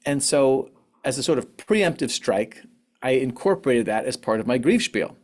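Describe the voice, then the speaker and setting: A man giving a candid, reflective online talk on grief, now and then acting out what others said in a higher voice. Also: expressive, moderate pace, darkish tone. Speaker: conference speaker on grief. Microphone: online presentation mic.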